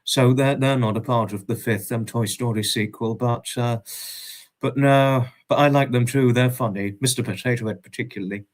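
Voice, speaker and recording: A man's voice: medium pitch, fairly even intonation, moderate pace. Affectionate man chatting with viewers. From United Kingdom. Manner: affectionate, greets viewers as darling, chuckles often. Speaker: livestream host. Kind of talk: casual chat reading out viewer comments.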